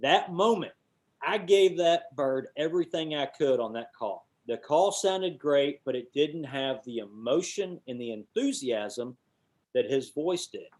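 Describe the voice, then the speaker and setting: A man, teaching a webinar and telling hunting stories, now and then hooting owl calls out loud. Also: on the high side, measured pace. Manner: animated storyteller, hoots owl calls with his voice. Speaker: guest instructor, call maker.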